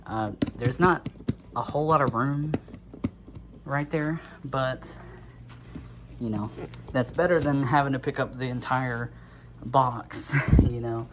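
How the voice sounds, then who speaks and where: A man's voice: medium pitch, slow pace, pauses often, background noise. A man casually talking through an unboxing at home, a bit out of breath, rambling with lots of fillers and little chuckles. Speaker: vlogger.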